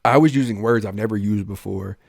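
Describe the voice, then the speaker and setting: A young man, a police officer, telling his life story in a casual podcast chat, goofy and animated, acting out the lines he quotes. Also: fairly low pitch, brisk, vocal fry, no room sound, clean studio sound.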